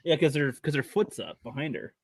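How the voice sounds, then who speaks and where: A man's voice: a little high, big pitch swings, brisk, gravelly, dry recording. A man co-hosting a casual podcast, easygoing. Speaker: podcast co-host. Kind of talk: casual chat.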